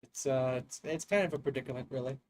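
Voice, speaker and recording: A man's voice: mid-range voice, fast talker. A man giving casual, joking let's-play commentary, rambling and self-deprecating. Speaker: gaming YouTuber.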